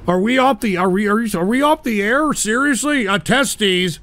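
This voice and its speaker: A male host of a crude call-in comedy show, ranting in a loud, profane, exasperated way. His voice sits high and swings widely in pitch. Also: expressive, moderate pace, hardly any pauses.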